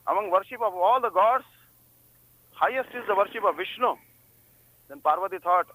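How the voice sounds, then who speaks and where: Bright-voiced man giving a spiritual discourse. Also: high voice, brisk, no echo, rough recording. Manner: storytelling, frequent "hmm?" prompts to listeners. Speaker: religious speaker. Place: on a pilgrimage journey.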